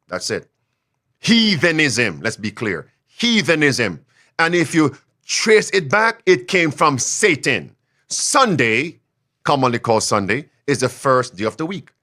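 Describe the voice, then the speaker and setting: Emphatic preacher man, lively pitch. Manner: emphatic, repeats phrases for stress; swings between loud declarations and quiet asides. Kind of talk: sermon.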